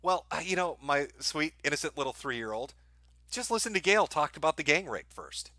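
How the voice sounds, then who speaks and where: Sarcastic guy streamer roasting an audiobook, high lively voice, laughs a lot. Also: moderate pace, dry recording. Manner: sarcastic, mocking, breaking into laughter. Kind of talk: crude mocking live-stream commentary.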